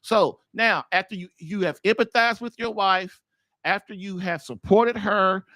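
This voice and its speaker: A man's voice: sits high, a little slow, bright, forceful tone, no room sound. A man hosting an advice podcast, talking informally and emphatically, hammering points home with rhetorical questions. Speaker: marriage coach and podcast host. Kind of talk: casual advice monologue.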